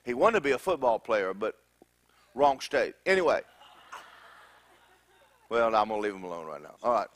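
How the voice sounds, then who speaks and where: Lively joking male preacher. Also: on the low side, normal speed, pauses often, no echo. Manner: animated, joking storyteller. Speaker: pastor. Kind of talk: sermon.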